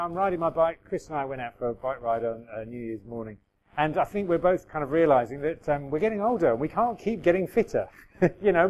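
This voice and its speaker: Man, middle-aged, preaching, conversational, slightly high voice, acts out quotes. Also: darkish tone, poor audio. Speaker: pastor. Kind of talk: sermon.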